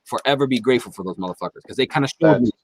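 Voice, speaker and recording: A man's voice: medium pitch, rapid-fire, background noise. A man guest on a podcast, telling a long, profanity-heavy story in casual chat. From Philadelphia area.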